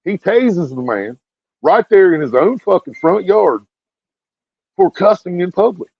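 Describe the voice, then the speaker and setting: A man with a somewhat high voice rants bluntly to his viewers and swears heavily. He repeats his phrases as he builds up heat. The recording sounds muffled, dry and lo-fi. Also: expressive, unhurried, gravelly, husky, no echo. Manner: blunt, heated, repeats himself with lots of swearing. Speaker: video streamer. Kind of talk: profane ranting commentary to viewers.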